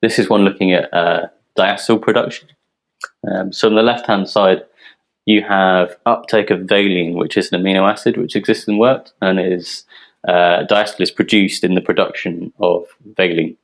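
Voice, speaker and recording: A man from a yeast company presenting technical details in a relaxed, explanatory way, with frequent ums. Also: low voice, normal speed, low-quality recording. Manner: explanatory, filler-heavy, relaxed.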